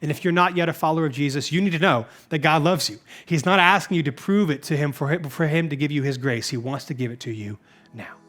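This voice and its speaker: A male pastor preaching a sermon, reading scripture emphatically and letting his voice drop softly at the ends of phrases. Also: fairly high pitch, fast.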